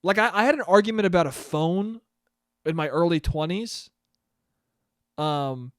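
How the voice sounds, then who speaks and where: A man's voice: sits high, animated, measured pace, dry recording, studio quality. A man in his twenties hosting a casual solo podcast, rambling and self-deprecating, swearing freely. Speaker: podcast host.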